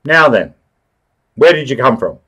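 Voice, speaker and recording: A man's voice: medium pitch, big pitch swings, a little slow, a bit bright, breathy edge, exaggerated voice. A man voicing a severe, brusque magistrate who questions a prisoner in a storybook reading. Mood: stern. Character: stern, brusque male magistrate.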